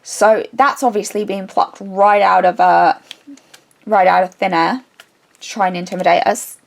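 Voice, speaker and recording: Woman, craft vlogger, casual chat, animated rambling storyteller who restarts her sentences a lot. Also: mid-range voice, moderate pace, vocal fry.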